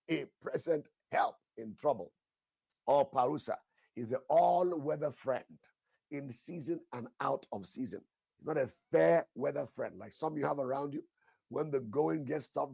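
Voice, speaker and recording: A man's voice: medium pitch, gravelly, slightly rough, dry recording, studio quality. A man preaching a sermon, emphatic, repeating his phrases and asking the listeners questions, with bursts of prayer in tongues.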